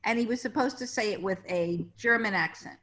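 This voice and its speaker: A woman's voice: mid-range voice, a little fast, fairly bright tone. A middle-aged woman, a casting director, telling industry anecdotes in a casual interview over a video call. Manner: chatty anecdotes, acting out quoted voices.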